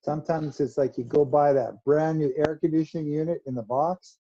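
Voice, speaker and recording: A man's voice: fairly high pitch, steady tone, brisk, mellow. A man co-hosting a casual chat show, dry and joking, on lo-fi audio. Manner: dry joking, short agreeing replies. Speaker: podcast co-host. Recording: dull lo-fi audio.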